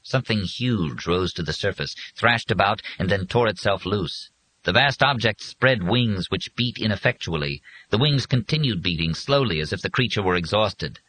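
Man, deep voice, bright tone, lively pitch, audiobook narration. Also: moderate pace, poor audio.

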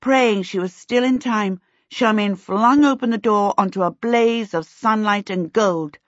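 A woman narrating a storybook in steady, measured scripted narration, in a dull lo-fi recording. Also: medium pitch, no echo. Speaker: audiobook narrator.

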